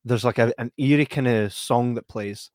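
A man's voice: mid-range voice, normal speed, no echo, clean studio sound. A man co-hosting a podcast, chatting casually about a film and laughing often as he retells scenes. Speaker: podcast co-host.

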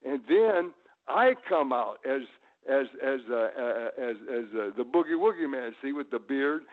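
A man telling rambling stories as a guest, with lots of repeated starts and sudden loud, high showman bursts. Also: expressive, measured pace. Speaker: guest, retired pro wrestler. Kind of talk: casual storytelling. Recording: tinny phone-line audio.

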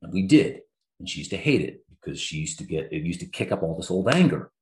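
A man's voice: low voice, very animated, fast, a little hiss or hum. A middle-aged man, a therapist, speaking earnestly and openly about his own life in a conversation. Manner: earnest, emotionally open, reflective. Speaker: therapist, guest. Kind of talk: candid conversational storytelling. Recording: roomy echo.

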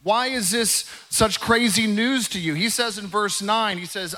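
Male pastor preaching, high bright voice, animated. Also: a little slow, few pauses. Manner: animated, acts out scripture voices. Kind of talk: sermon.

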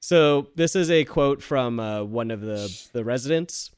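Lively, smooth-voiced woman reading news. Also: rumbling low, unhurried, no echo, clean studio sound. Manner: laughing, shouting quoted lines for comic effect. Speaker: podcast co-host. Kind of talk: casual chat, reading news stories aloud.

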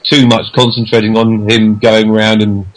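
A man co-hosting a casual podcast, chatty and digressive, with lively jumps in pitch. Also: moderate pace, low-quality recording. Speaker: podcast co-host. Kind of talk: casual chat.

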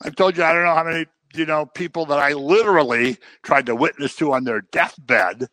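A middle-aged man preaching a sermon, lively and dramatic, slipping into the voices of the people he describes. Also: on the high side, a little fast, no echo. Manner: animated, acts out voices of people he quotes. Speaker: pastor.

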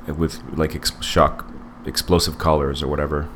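A man's voice: extremely low pitch, little pitch movement, moderate pace, a little hiss or hum. A man in his forties co-hosting a casual podcast movie review, rambling with many fillers and restarts. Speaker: podcast co-host.

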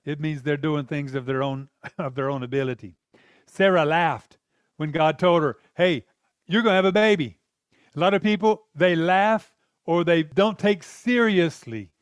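High-voiced man preaching a conversational sermon. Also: moderate pace, clean tone, dry recording, studio quality. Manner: earnest and conversational, with short laughs.

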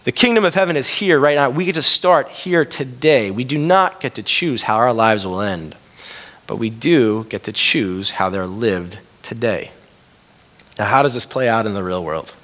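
A man in his thirties preaching a conversational sermon, lifting his voice when quoting and dropping soft and low for a personal story. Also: lively intonation, moderate pace. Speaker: pastor.

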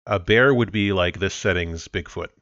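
A man running a tabletop game as game master, explaining rules in a relaxed way with frequent restarts. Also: deep voice, moderate pace, no echo, dull audio.

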